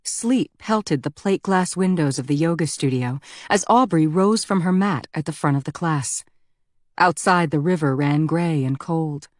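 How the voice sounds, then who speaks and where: Brief: female audiobook narrator, low voice, dry close studio sound, measured reading. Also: darkish tone, no echo.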